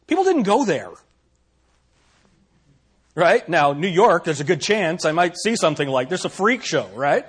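A man's voice: a little high, very animated, normal speed, long pauses, husky. A man preaching to his congregation in a slightly raised voice. His delivery swings up and down with lots of emphasis. Every few lines he throws a rhetorical question at his listeners. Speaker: pastor. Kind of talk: sermon.

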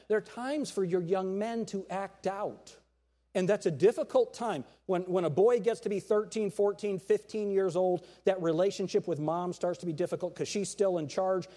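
Middle-aged male pastor, lively sermon delivery, voice sits high and swings widely, acts out quotes. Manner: animated preaching with acted-out quotes and jokes.

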